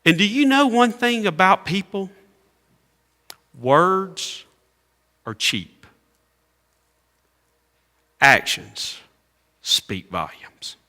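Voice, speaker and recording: A pastor preaching in a church, his voice high and bright with wide, lively swings of pitch. He delivers the sermon slowly and deliberately, jumping between loud calls and near-whispered asides. The sound carries a long echo from the church hall. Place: church sanctuary.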